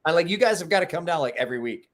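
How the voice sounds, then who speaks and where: A man's voice: fairly high pitch, racing. A man hosting a live stream, telling stories and swearing freely in casual chat. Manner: animated storyteller, swears freely. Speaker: livestream host.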